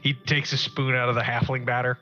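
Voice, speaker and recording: A man playing a tabletop game, describing his character's actions in an animated way and laughing often. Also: mid-range voice, fairly quick, muffled recording, faint music behind. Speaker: player. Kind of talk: tabletop game play, narrating own character.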